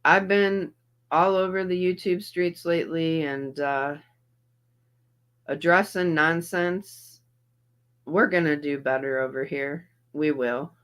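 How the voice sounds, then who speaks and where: A woman's voice: sits low, steady tone, slow pace, fairly bright tone, clear, resonant tone. A middle-aged woman hosting a livestream, chatting casually and greeting her viewers by name while in some pain and feeling a little off. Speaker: livestream host reacting to videos.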